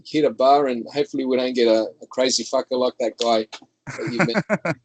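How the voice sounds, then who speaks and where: A relaxed Australian man speaks as a guest in a casual podcast chat. His talk is loose and slangy, with a friendly ease. The sound is close and dry, with no room echo. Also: mid-range voice, a little fast. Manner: laid-back, slangy and friendly.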